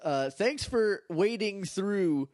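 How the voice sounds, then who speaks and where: This podcast co-host has a high, expressive voice with a darkish tone, speaking slowly and sounding a bit nasal and congested. He rambles through casual chat, laughing often, in a dry, clean studio recording.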